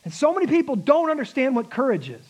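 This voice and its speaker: Emphatic high-voiced male preacher. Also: very animated, a little mellow, poor audio. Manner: emphatic, laughing asides, slows for key words. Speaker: pastor. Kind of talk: sermon.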